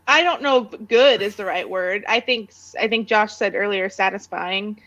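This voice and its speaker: A woman's voice: medium pitch, normal speed, fairly bright tone, dull audio. A woman co-hosting a casual book club podcast, giving blunt opinions with dry, sarcastic asides.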